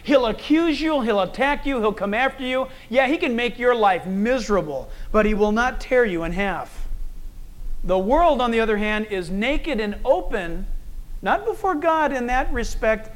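A man preaching a sermon, animated and conversational, acting out quoted people and telling stories. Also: very high-pitched, normal speed. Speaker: pastor.

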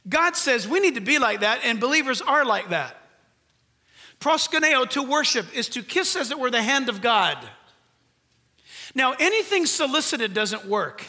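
An older male pastor delivers a sermon in a very high, nasal voice that sounds bright and sharp, with big pitch swings at a normal speed. He hammers each point home with earnest emphasis, rhetorical questions and flashes of humor.

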